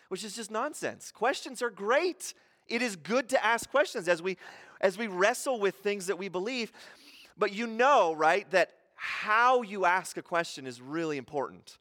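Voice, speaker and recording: A man's voice: high voice, lively intonation, normal speed, pushed and bright, long reverb tail. A man preaching a sermon in a church in a conversational, playful way, full of rhetorical questions. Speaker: pastor. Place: church hall.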